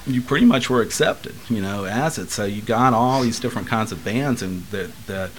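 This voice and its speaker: A man's voice: fairly low pitch, normal speed, a little hiss or hum, poor audio. A man from Texas talking casually in an interview, rambling and laughing as he tells stories. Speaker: guest musician.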